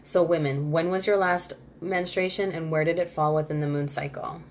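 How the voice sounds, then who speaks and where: A woman with a low voice, hosting a live online workshop. She talks in a loose, rambling way, full of fillers and restarts. She stops now and then to answer viewers by name. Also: steady tone, moderate pace, slight background noise. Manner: chatty, reads viewer comments aloud and answers them. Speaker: Ayurveda workshop host. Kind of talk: live-streamed workshop talk.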